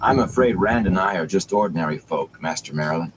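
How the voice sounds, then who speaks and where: A man's voice: low-pitched, brisk, noisy background, lightly acted. A man doing a big, good-humored village lad. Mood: friendly.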